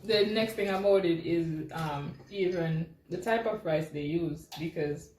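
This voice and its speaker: A woman's voice: fairly low pitch, unhurried, a little mellow, roomy sound, far from the mic, a little hiss or hum, low-quality recording. A young woman with a Jamaican accent, chatting casually and teasingly, giggling often. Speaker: vlogger. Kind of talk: casual food-tasting chat.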